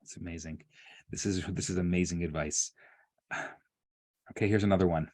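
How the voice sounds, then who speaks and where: A man's voice: low voice, fairly even intonation, normal speed, a little mellow. A man co-hosting an online workshop, reading audience questions aloud and praising the answers. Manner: enthusiastic, praising. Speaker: rabbi and workshop co-host.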